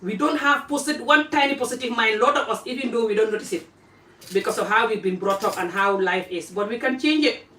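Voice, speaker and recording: An African woman vlogging casually while eating, chatting in an animated way and jumping from topic to topic. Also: fairly high pitch, brisk. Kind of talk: casual live-stream chat while eating. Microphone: phone camera pointed away from her. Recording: roomy phone audio from a distance.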